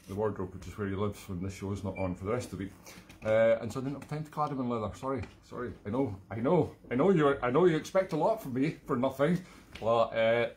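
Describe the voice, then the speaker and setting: A man's voice: mid-range voice, a little mellow, slight background noise. A middle-aged man hosting a home live stream, rambling and self-mocking as he reads viewer comments aloud. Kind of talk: casual live-stream chat. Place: home room.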